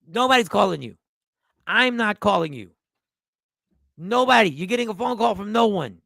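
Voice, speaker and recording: High gravelly man ranting mockingly. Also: moderate pace, no room sound, clean studio sound. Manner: mocking, repetitive, animated with sudden drops to mutters. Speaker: comedian reacting to a clip. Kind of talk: comedic rant.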